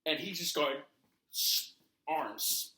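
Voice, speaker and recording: A man co-hosting a casual wrestling podcast, telling animated stories, laughing and swearing casually. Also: fairly high pitch, takes it slowly, echoey room, a little hiss or hum. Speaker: podcast co-host. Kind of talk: casual chat about wrestling.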